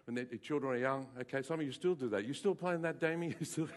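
A male pastor preaches a lively sermon to his congregation in a church hall, talking fast at a medium pitch. He throws in playful asides and bursts of raised voice.

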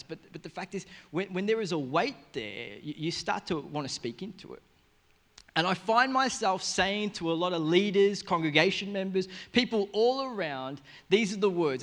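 A young man, a pastor, preaching a sermon in a casual, energetic way, full of asides and quick restarts. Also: high-pitched, in a large hall.

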